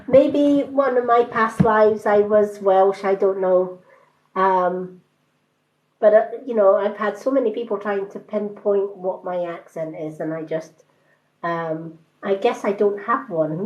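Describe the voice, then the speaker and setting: On a live stream, a woman in her fifties with a mixed British accent reads tarot cards at medium pitch, the audio sounding dull. She takes her time, hesitates, says um a lot, and offers reassurance.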